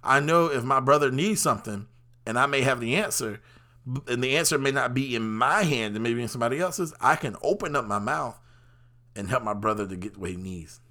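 A man's voice: mid-range voice, animated, a little fast, pushed and bright. A man hosting a show, talking through a rambling personal monologue with lots of fillers. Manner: talkative, rambling, frequent fillers. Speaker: podcast host.

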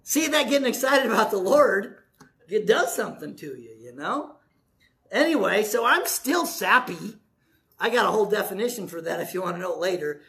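A man's voice: high-pitched, sing-song, normal speed, vocal fry, sharp tone. A man in his sixties, a pastor preaching a sermon in a folksy, joking, conversational way. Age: 60s.

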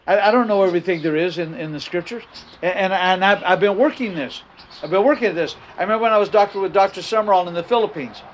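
A man's voice: sits high, a little hiss or hum. An older man preaching a sermon as a pastor, emphatic, repeating his key phrases and often restarting his sentences. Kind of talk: sermon with personal story.

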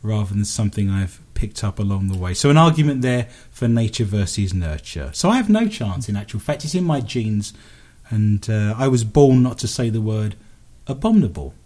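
A man's voice: fairly low pitch, animated, moderate pace, dark tone. A man with an English accent hosting a radio talk show, rambling and joking at his own expense. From England. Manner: self-mocking, rambling, jokey. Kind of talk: casual radio banter. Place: home studio.

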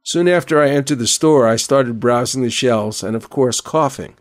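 Older man, radio host, earnest measured storytelling, mid-pitched voice. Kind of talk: scripted radio narration.

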